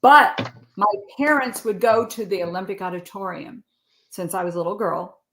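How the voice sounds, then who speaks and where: A woman's voice: mid-range voice, normal speed, a bit bright. Chatty sixty-year-old woman, roomy sound. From California. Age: 60s. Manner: chatty storyteller who laughs often. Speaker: podcast guest. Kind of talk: casual interview chat.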